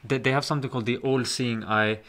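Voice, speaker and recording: A man, chatting on a podcast and explaining things with animated emphasis. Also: medium pitch, quick pace, slight background noise. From England. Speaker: podcast guest. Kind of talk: casual podcast chat.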